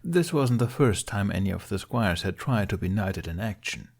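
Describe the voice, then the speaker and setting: A man narrating a fan fiction audiobook in a lively storytelling manner. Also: on the low side, moderate pace, gravelly. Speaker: podfic reader.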